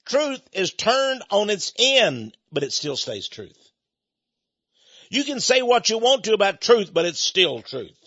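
A man's voice: high voice, a bit bright, breathy edge. An older man hosting a radio ministry show, talking in a folksy, chuckling way with stammering restarts, on dull lo-fi broadcast audio. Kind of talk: conversational radio monologue.

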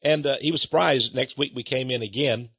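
A man's voice: medium pitch, a little fast, a bit bright, husky, no room sound, dull audio. A man preaching to his viewers as an evangelist minister, earnest and rambling, often repeating words and restarting sentences.

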